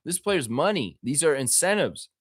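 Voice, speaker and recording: A man hosting a live basketball podcast, chatting and joking in an animated way with his viewers. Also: on the high side, normal speed, slightly rough, no room sound, studio quality. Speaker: host of a basketball podcast livestream. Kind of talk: casual live commentary and chat.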